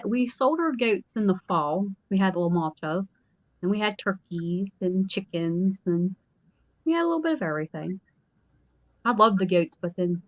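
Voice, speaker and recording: A woman's voice: mid-range voice, no echo. Giggly middle-aged woman, muffled audio. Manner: giggly, rambling storyteller. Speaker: guest. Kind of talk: casual chat. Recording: dull, slightly muffled audio.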